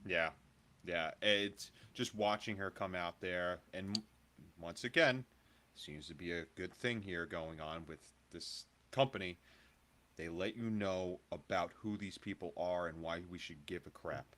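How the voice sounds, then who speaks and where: A man's voice: low voice, unhurried, sharp tone, a little hiss or hum. A man co-hosting a casual wrestling review podcast, upbeat and joking with plenty of fillers. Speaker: podcast co-host.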